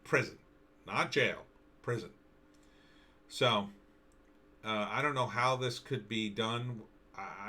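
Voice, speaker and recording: A man's voice: fairly low pitch, bright, forceful tone. Indignant American man ranting on video. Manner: indignant, repetitive, halting with restarts. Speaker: political commentary vlogger. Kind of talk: solo commentary reacting to news and videos.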